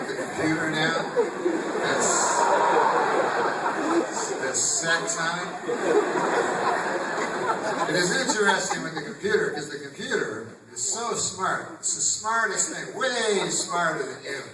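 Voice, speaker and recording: A man doing a stand-up comedy set on a theatre stage, with a rambling deadpan delivery that bursts loud when he quotes people. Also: fairly high pitch, a little slow, pauses often, heavy background noise. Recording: echoey live theatre recording from far off. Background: audience laughter.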